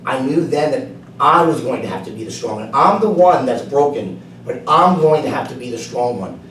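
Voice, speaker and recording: A man delivers a prepared personal story to a club audience, dropping his voice low and then rising to emphatic points. He is heard from across an echoey meeting room, with a faint hiss underneath. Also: animated, normal speed, a bit bright, recorded from a distance. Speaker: club speaker. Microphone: far camera.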